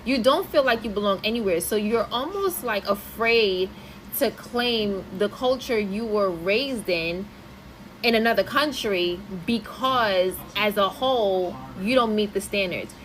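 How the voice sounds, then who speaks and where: A woman's voice: mid-range voice, animated, fairly bright tone, a little hiss or hum, poor audio. Earnest American woman reflecting. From United States. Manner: earnest, reflective, speaks in measured phrases. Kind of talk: personal commentary to camera.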